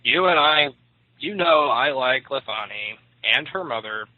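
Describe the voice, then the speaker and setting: A man's voice: mid-range voice, lively intonation, unhurried, dry recording, voice pushed up, natural voice. A weary, scolding shaman mother, out of patience with her quarrelling husband and son, as a male storyteller puts her on. The voice comes over a thin, phone-like line. The sound is close and dry, with no room around it. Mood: exasperated. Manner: exasperated, scolding. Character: fierce middle-aged mother, tribal shaman.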